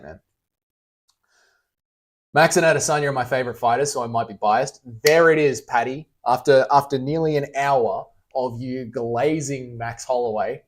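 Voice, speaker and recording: Aussie bloke on a livestream reading chat, swears a lot and teases people. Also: male voice, medium pitch. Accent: Australian. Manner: blunt, swears freely, teasing.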